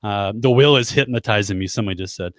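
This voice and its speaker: A man's voice: lowish voice, fast, no room sound. A man hosting a casual live web show, rambling and joking about himself as he chats with his co-host. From United States. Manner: chatty, rambling, self-deprecating jokes. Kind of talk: casual live-stream chat.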